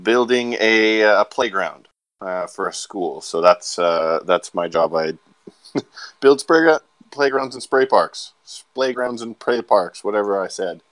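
A man's voice: fairly low pitch, lively intonation, measured pace, fairly bright tone, dry recording. A young man on a casual podcast, laid-back and a bit sarcastic about his work day. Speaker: podcast co-host.

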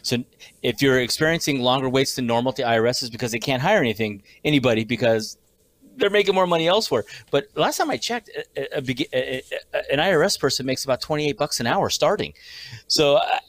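A man co-hosting a political talk show who tells quick stories with indignant stumbles and restarts. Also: mid-range voice, animated. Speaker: co-host.

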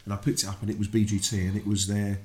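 A British man, a guest, telling a story in casual conversation, animated, acting out the voices he quotes. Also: racing. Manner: animated, acts out quoted voices with big pitch jumps.

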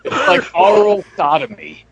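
A man's voice: sits high, measured pace, heavy background noise. A male voice actor guesting on a podcast, telling jokey stories with constant laughter. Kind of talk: casual chat.

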